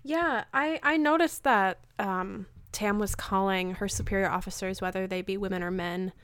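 A woman's voice: medium pitch, normal speed, fairly bright tone, smooth, no echo. Chatty woman podcast co-host, dry sound. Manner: chatty, trails off with ums. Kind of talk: casual chat.

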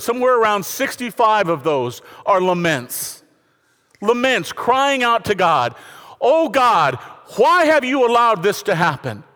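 A man preaching a sermon to a congregation, swinging from quiet, intimate passages to raised appeals and calling on listeners to turn to their neighbors. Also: high-pitched. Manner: preaching with lively rises and falls, addressing the congregation. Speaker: pastor. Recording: reverberant hall.

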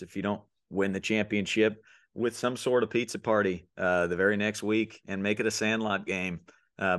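A male podcast host offers encouraging advice to coaches and parents in a casual chat. His voice sits fairly low for a man and is recorded close and dry, with no room sound. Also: fairly bright tone, no room sound.

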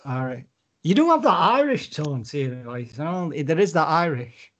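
A man's voice: a little high, big pitch swings, moderate pace, a bit bright, highs cut off. A British man hosting a podcast in casual chat, swearing freely and breaking into playful accent impressions. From Britain. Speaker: podcast host.

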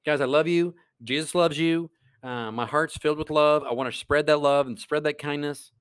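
A man with a slightly raised pitch talks through a casual faith-based podcast monologue. He sounds earnest and rambling and often stumbles into restarts. The sound is dry and close, with no room echo. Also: fairly even intonation, normal speed, smooth. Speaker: podcast host.

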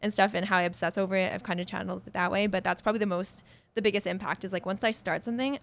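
A woman in her twenties, a musician talking casually and quickly in an interview, laughing often. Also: medium pitch, fairly even intonation, creaky, a bit bright. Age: 20s. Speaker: musician guest.

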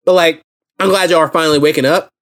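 A man's voice: fairly high pitch, fairly even intonation, fast, fairly bright tone. A young man hosting a solo podcast, ranting in a blunt, impassioned and profane way. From United States. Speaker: podcast host.

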